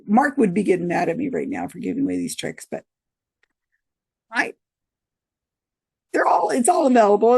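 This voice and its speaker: An American woman tells a story straight to camera, chatty and rambling, with frequent laughs. Her voice has a gravelly edge and a husky, slightly breathy grain. The sound is dry and close, with little room around it. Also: mid-range voice, a little mellow, dry recording.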